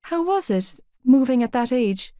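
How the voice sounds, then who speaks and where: A woman reading an audiobook, voicing a shy, awkward young girl from Cork with a higher, eager delivery. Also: expressive, unhurried, background noise. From Cork, Ireland. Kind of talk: audiobook character voice.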